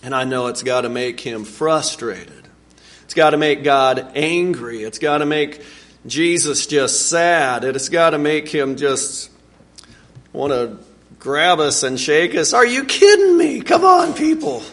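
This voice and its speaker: A man preaching a sermon, earnest and animated, with sudden swings in pitch and volume. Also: slow pace. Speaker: pastor.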